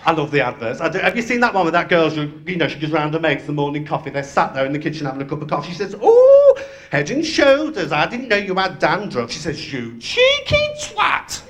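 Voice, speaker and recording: High-voiced man, bawdy club patter. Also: lively intonation, fast talker, few pauses. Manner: brash, gossipy, crude storytelling. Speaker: drag act compere. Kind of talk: bawdy live stand-up patter. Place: live club stage. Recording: roomy live venue with loud music.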